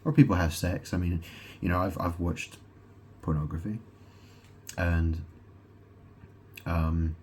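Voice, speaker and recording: A man's voice: low voice, steady tone, takes it slowly, pauses often, darkish tone, slightly rough, muffled recording. A man talking straight to camera in a rambling monologue, swearing freely, repeating himself, breaking off and restarting, and firing rhetorical questions at the listener. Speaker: self-proclaimed god vlogger.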